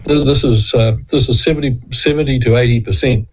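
A man's voice: medium pitch, fairly even intonation, brisk, darkish tone, poor audio. An older man, a former judge, answering as a radio interview guest in a curt, firm way.

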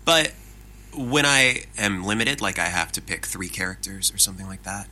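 Male voice actor, low but very bright tone, animated self-deprecating interviewee. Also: moderate pace, rough recording. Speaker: interview guest. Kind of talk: casual interview talk.

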